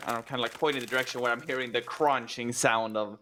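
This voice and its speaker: A man's voice: mid-range voice, steady tone, fast, bright, forceful tone, slight background noise. A man playing a tabletop role-playing game, talking his character through in a chatty, hesitant way. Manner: chatty, hesitant, many fillers. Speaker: player.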